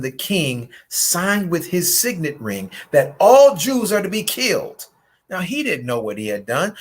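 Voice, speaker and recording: A high-voiced male host and relationship coach runs a late-night relationship chat, greeting viewers by name. He tells a Bible story in an animated, preacher-like style, acting out the different voices.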